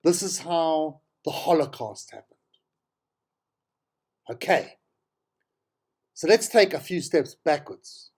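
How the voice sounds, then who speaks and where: A man's voice: fairly high pitch, lively intonation, slow, pauses often, darkish tone, husky. A man with a South African accent hosting a talk show, giving an exasperated, sarcastic commentary on politics and repeating himself for emphasis. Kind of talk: opinionated political commentary monologue.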